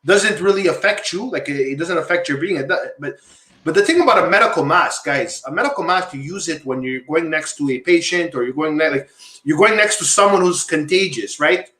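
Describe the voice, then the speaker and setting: A man's voice: on the high side, expressive, a little fast, pushed and bright, echoey room. A man hosting a casual panel discussion, rambling and repeating himself as he makes his points. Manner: rambling, repeats himself, asks guests questions. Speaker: podcast host.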